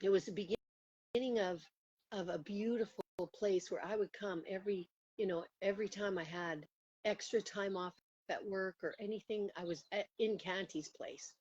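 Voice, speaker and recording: A woman over forty in casual conversation, telling a personal story in an animated way, laughing often and acting out what people said. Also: medium pitch, moderate pace, husky. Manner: animated, laughing, acts out quotes with rising voice. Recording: muffled lo-fi audio.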